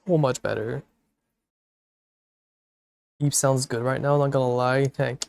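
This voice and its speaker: Late at night, a sleepy man sits at his home streaming setup, chatting casually with viewers through a desktop mic run into a mixer. His medium-pitched voice is fairly even, measured, creaky and a little mellow, with frequent pauses, and he swears and laughs a lot.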